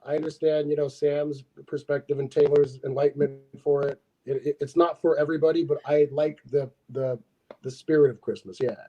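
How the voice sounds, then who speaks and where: A man with a slightly raised pitch speaks as a comedian guest. His talk is easygoing, with gentle hesitations, and comes over a video call. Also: level tone, a little fast, rough recording. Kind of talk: casual chat.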